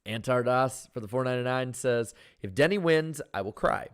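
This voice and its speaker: A man co-hosting a casual podcast, his voice worn out and hoarse. He reads viewer super chats in a loose, halting way, stumbling and restarting mid-phrase, at an ordinary middle pitch. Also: animated.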